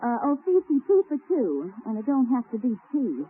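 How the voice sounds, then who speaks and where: A woman's voice: fairly high pitch, wildly swooping pitch, moderate pace. A woman voicing a bumbling female French maid in a 1930s radio comedy sketch, mixing mock French phrases into her talk. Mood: flustered. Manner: mock French phrases, then slips back. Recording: tinny 1930s radio broadcast, faint hiss.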